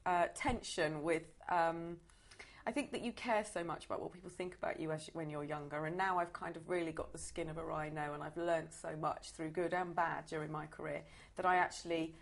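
A woman's voice: low voice, steady tone, a little fast, gravelly. A woman in her forties with a West Country accent, chatting in an interview, theatrical and self-mocking. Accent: West Country English. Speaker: interview guest. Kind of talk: casual interview chat.

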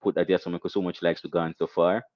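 A young Jamaican man hosting a casual live stream, shouting out viewers and reading donations with animated, repetitive catchphrases. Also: sits low, fast talker, no echo, highs cut off.

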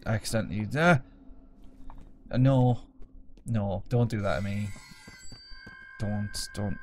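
A man's voice: on the low side, slow, pauses often, a little hiss or hum. A man playing a game at his home desk, joking, swearing and mocking himself as he plays. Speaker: let's play gamer. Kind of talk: casual gameplay commentary.

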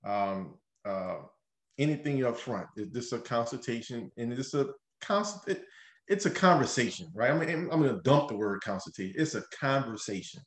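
A man, a mortgage lender hosting a radio show, explaining loans step by step in an energetic, conversational way, often checking in with "right?". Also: mid-range voice, moderate pace, reverberant. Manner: energetic, explains things step by step, keeps tagging lines with "right?".

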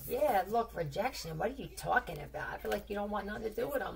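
A woman's voice: medium pitch, lively intonation, fast talker, creaky, distant mic, noisy background. A woman giving a casual tarot reading, rambling and blunt, swearing freely, repeating words and firing off questions. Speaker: tarot reader.

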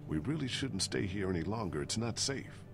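A steady, protective guardian in a story-driven video game, speaking low with a gravelly edge. His delivery moves freely up and down as he comforts a child, over loud game music. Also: moderate pace. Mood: reassuring. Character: calm protective adult man caring for a girl. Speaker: game character.

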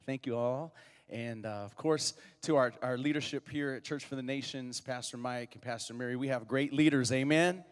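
A man's voice: medium pitch, fairly even intonation, normal speed, in a large hall. A young man preaching a sermon in a church, joking with the congregation and leading call-and-response. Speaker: guest preacher. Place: church sanctuary.

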